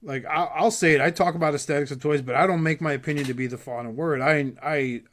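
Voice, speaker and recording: A man who is a podcast guest, chatting casually and telling stories in an animated way with quick switches into other voices. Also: on the high side. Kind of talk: casual chat.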